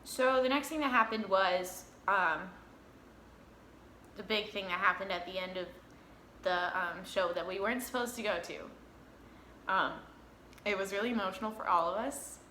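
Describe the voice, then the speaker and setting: Animated young woman vlogger, bright voice. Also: medium pitch, normal speed, pauses often, roomy sound, slight background noise. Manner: animated, swears freely, acts out her own reactions. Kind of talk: casual storytelling to camera.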